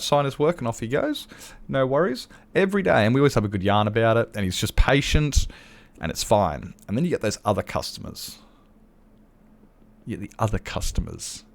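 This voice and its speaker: An Australian man streaming a game and chatting casually, telling animated stories and acting out other people's lines, with chuckles and restarts. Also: mid-range voice, brisk. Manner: animated storyteller who acts out customers' lines; frequent chuckles and self-interruptions. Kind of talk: casual chat while gaming.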